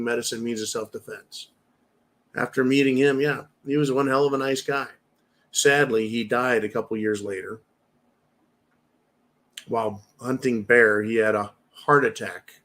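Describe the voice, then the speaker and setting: A man's voice: medium pitch, fairly even intonation, normal speed, fairly bright tone. Blunt, fired-up man hosting a monologue. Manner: blunt, fired-up, swears, addresses viewers as folks. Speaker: prepper channel host. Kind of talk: opinionated monologue.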